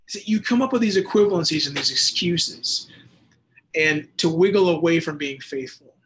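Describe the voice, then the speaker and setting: Man preaching in a slightly high voice. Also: moderate pace, fairly bright tone, a little hiss or hum. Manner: conversational, with bursts of emphatic preaching. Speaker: host and Bible teacher. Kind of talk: radio Bible teaching with listener texts.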